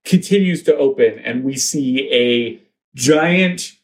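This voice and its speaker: A co-host improvising a comedic story aloud, narrating with frequent restarts as the plot is built. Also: medium pitch. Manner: halting, restarts often, builds the plot aloud.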